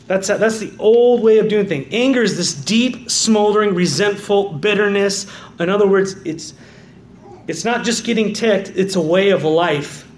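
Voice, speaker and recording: Man, pastor, sermon, high voice, swings quiet to fervent, roomy hall. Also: slight background noise. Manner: swings from quiet, low emphasis to loud, fervent calls of "amen". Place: church sanctuary.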